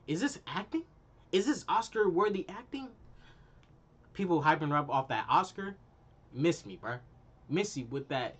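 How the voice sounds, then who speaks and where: A medium-pitched man in his twenties, a YouTuber, reviews a movie while ranting in an exasperated, animated manner with casual slang.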